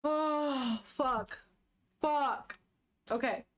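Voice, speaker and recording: A young female vlogger with a high voice and a sniffle speaks extremely slowly as she retells a manga. Her chat is casual and emotional, with shocked gasps and swearing.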